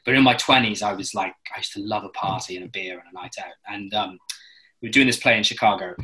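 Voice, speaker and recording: A London man with a British accent, a musical theatre actor, chats casually as a guest, his voice fairly low and fast over poor audio. He tells lively, rambling anecdotes full of tangents and frequent restarts, acting out other people's voices as he goes.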